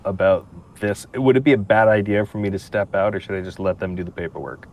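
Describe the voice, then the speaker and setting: A man's voice: lowish voice, fast, a little mellow. A man playing a tabletop game, talking in an eager and chatty way. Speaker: player.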